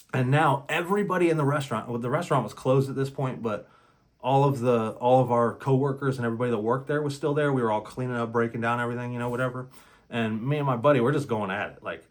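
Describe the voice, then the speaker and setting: Blunt, heated man telling a story. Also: medium pitch. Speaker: relationship talk channel host. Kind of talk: casual monologue to camera.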